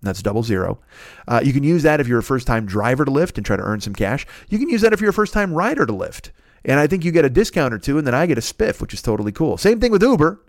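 A man's voice: medium pitch, sing-song, fast, no room sound. Male podcast host doing his own plugs, casual and swearing, dry close mic. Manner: loose, profane, rambling with self-corrections. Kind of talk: casual plugs and sponsor reads.

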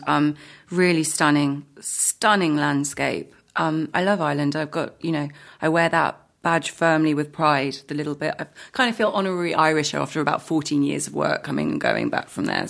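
A woman's voice: low-pitched, creaky, a bit bright. A woman guest chatting casually in an interview, laughing often and restarting her sentences. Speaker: actress guest.

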